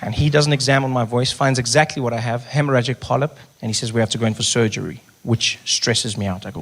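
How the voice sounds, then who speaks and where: A man doing stand-up comedy, telling an animated story and often dropping into a soft, hushed voice. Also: medium pitch, fast talker, hardly any pauses. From South Africa. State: recovering voice. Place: comedy stage before a live audience.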